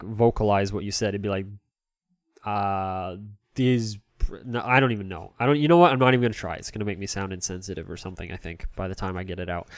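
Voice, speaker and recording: A man's voice: fairly low pitch, dry recording, studio quality. A man streaming live as he cleans a game console, rambling in a jokey way and answering chat.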